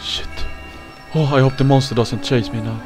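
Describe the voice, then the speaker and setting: A woman commentating a horror game playthrough, jumpy and frightened, swearing, laughing nervously and shouting in fright. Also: a bass voice, steady tone, moderate pace. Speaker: gaming channel host. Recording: game music behind the voice.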